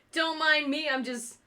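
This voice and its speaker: A woman streaming live with a stuffed-up, nasal voice pitched a little high and bright. She jokes, laughs and swears casually as she talks to her chat. The tone stays loose and playful. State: stuffed up with congestion. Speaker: streamer making craft magnets.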